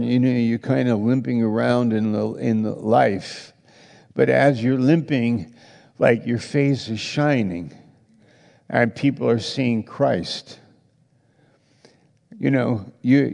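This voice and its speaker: A man preaching a sermon to a congregation, speaking slowly and haltingly, with frequent restarts. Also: medium pitch, vocal fry, a little mellow. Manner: slow, halting delivery with many restarts. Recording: long reverb of a hall.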